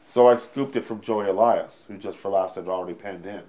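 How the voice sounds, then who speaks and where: A Canadian stand-up comedian telling a story in an interview, rambling, swearing freely and correcting himself mid-sentence. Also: male voice, lowish voice, fairly quick, warm tone.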